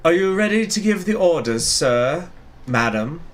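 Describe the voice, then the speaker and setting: Man playing a deferential waiter, lifted voice, unhurried. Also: on the high side, animated, pitched above the performer's own voice. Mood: courteous. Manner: polite, deferential. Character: courteous male restaurant waiter.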